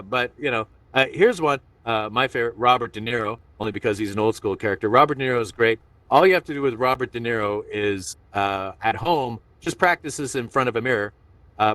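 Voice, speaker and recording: A man's voice: mid-range voice, sharp tone, dry recording, far from the mic. A man doing a playful, rambling stand-up set streamed online. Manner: rambling, self-interrupting, playful. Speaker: stand-up comedian.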